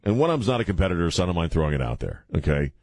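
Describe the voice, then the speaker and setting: A man's voice: low-pitched, big pitch swings, very fast, dry recording. A man hosting a radio show, chatting casually and rambling with many restarts.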